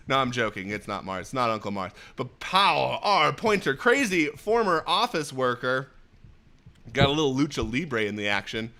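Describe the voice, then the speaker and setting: Thirties guy rambling on his stream, jokey, swears a lot, bouncy pitch and bright tone. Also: a little slow. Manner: energetic, jokey, swears, laughs often. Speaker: host. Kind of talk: casual livestream commentary.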